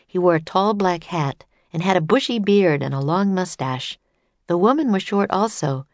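A woman narrating a children's storybook aloud in a steady, plain way. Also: on the low side, moderate pace, no room sound.

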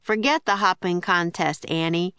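A woman reading aloud and voicing a matter-of-fact young boy in a storybook, in a low, dry voice. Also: fairly even intonation, normal speed, pushed and bright, smooth, no echo. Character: sensible young boy, brother.

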